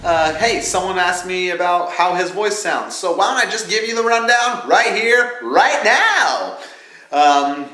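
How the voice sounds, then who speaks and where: A young man hosting a casual vlog that calls for voice actors for his fan film, animated and jokey, dropping into put-on voices. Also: high voice, unhurried. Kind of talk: casual casting-call vlog. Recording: echoey room with music behind.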